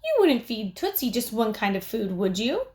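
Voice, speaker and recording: A woman voicing a pushy, excitable five-year-old boy who whines and insists. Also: fairly high pitch, moderate pace. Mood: excited. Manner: whiny, insistent.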